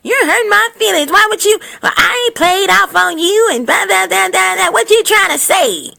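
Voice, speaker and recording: A woman's voice: expressive, normal speed, gravelly, bright, forceful tone, full character voice. A woman voicing an indignant woman who whines that her feelings are hurt. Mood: whiny. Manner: high, whiny and offended.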